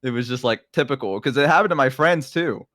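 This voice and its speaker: A man from the Southern United States, chatting casually on a stream and telling lively stories with acted-out voices and bursts of laughter. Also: medium pitch, fast, noisy background. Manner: animated storyteller, bursts into laughter, acts out voices. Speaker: streamer guest. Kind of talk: casual chat.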